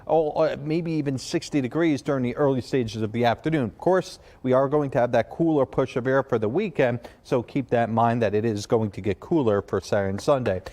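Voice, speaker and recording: A man's voice: medium pitch, a little fast, hardly any pauses, darkish tone. A man giving a morning TV weather forecast in a chatty, conversational way. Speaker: meteorologist.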